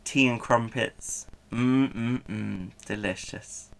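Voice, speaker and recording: A man's voice: medium pitch, expressive, slow pace, vocal fry, pushed and bright. A man chatting playfully with his live-stream audience, laughing often as he answers them. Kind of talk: casual live-stream chat.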